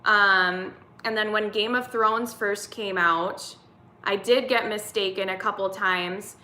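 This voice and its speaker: A woman's voice: mid-range voice, fairly even intonation, takes it slowly, bright, forceful tone, roomy sound. A woman in her thirties hosting a casual live-stream chat, reading viewer comments aloud and answering them. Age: 30s.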